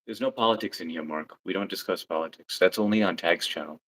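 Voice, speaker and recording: Deep-voiced dude cohosting a livestream, laid back, agrees a lot, reads the chat out loud. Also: male voice, quick pace, rough recording. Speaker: livestream co-host.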